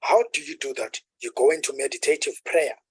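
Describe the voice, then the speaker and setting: Husky, breathy-voiced man preaching. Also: medium pitch, no echo, poor audio. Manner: unhurried teaching with rhetorical questions, dropping to a hush on calm words. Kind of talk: sermon.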